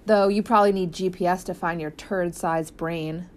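A woman voicing a worried, sharp-tongued sixth-grade boy in an audiobook, speaking impatiently. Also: fairly low pitch, fairly even intonation, moderate pace, lightly acted. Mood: snide.

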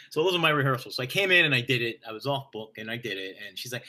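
Male actor, bright and forceful tone, profane energetic storyteller in casual chat. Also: mid-range voice, quick pace. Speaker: stage actor, guest.

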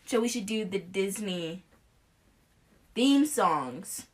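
A woman's voice: medium pitch, animated, takes it slowly, faint music behind. A young woman chatting casually and playfully during a guessing game, giggling often. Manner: giggly, playful, reads prompts aloud. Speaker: co-host playing a guessing game. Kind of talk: casual chat.

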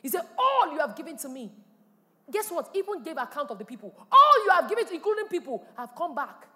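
A woman pastor, preaching a sermon with animated delivery and sudden loud exclamations. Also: high voice, fairly quick, in a large hall. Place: church hall.

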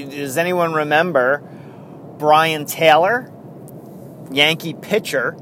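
Slow, rambling male podcast host. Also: a little high, background noise. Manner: rambling, self-correcting, chuckles often. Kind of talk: casual solo sports podcast.

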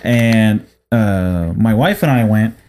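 A man's voice: fairly low pitch, slow pace, a little mellow. A young married man co-hosting a casual chat, teasing his friend and telling his own story with mocking impressions. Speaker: podcast co-host.

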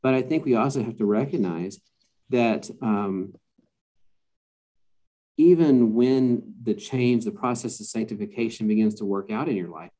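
A man's voice: lowish voice, measured pace, warm tone. A man talking as a podcast guest in a casual conversation, hesitant and full of fillers and restarts.

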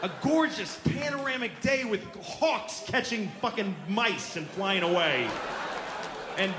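A man's voice: high-pitched, animated, unhurried, background noise. A man doing stand-up comedy in a theater, ranting in an exasperated, profane way. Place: theater stage. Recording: echoey theater, audience laughter.

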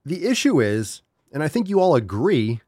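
A man's voice: a little high, big pitch swings, moderate pace, darkish tone, breathy edge, no echo. Exasperated man hosting a podcast, dry sound. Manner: exasperated, swears freely, talks straight to his audience. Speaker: podcast host. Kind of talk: casual profane commentary.

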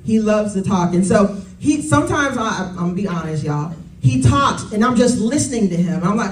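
A woman's voice: medium pitch, animated, fairly quick, hardly any pauses, darkish tone. A woman in her thirties preaching a sermon in a conversational way, often calling out to the congregation. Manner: conversational, calls to congregation with "y'all" and "Amen". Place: church. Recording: roomy sound from a distance.

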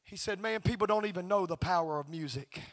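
A male preacher telling a story in a youth convention sermon, building from a steady tale to shouted preaching. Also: sits high, quick pace.

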